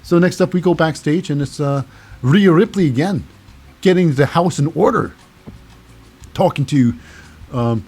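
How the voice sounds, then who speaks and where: A man's voice: fairly high pitch, lively intonation, unhurried, long pauses, darkish tone, breathy edge, soft background music. A man hosting a casual wrestling recap, rambling along with frequent fillers and self-corrections. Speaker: recap show host.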